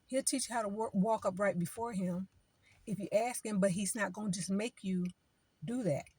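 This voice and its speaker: Casting note: woman, mid pitch, chatty informal preacher, repeats herself, no room echo. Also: moderate pace, mellow, breathy edge. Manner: conversational, repeats phrases, acts out quoted people. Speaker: vlogger giving spiritual advice.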